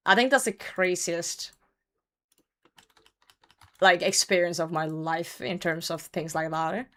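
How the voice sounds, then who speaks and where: A woman's voice: on the low side, steady tone, unhurried, pauses often, pushed and bright. A young woman streamer chatting casually while she plays, swearing and laughing often. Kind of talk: casual chat while gaming.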